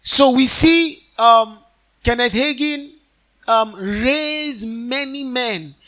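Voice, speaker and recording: A male preacher delivering a sermon in a church. His voice sits very high and rings bright and forceful. He draws his listeners in with questions, then answers them himself in a chanting, sing-song cadence. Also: takes it slowly. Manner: call-and-response questions to the congregation.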